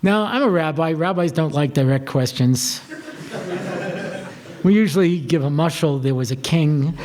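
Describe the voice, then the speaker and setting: Talking to students at a moderate pace, this rabbi, whose male voice is rather high, spins animated, conversational stories and voices the dialogue of the people in them, dropping "you know" often. A crowd can be heard in the background.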